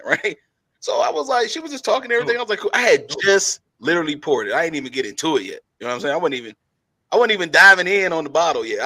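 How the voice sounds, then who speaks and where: Animated high-voiced man telling stories. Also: no room sound. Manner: animated storytelling, laughs often, repeats himself. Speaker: podcast co-host. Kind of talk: casual chat.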